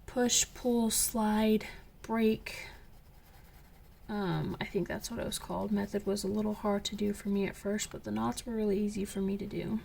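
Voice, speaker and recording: A young woman and coloring channel host chatting casually as she tells a story, slipping into whispers when excited. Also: medium pitch, moderate pace, creaky, slight background noise. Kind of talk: casual chat while coloring.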